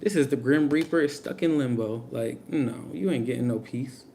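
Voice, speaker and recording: A man's voice: mid-range voice, normal speed, mellow, slight background noise. A young man giving a casual live tarot reading, blunt and slangy, talking straight to his viewers. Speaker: tarot reader.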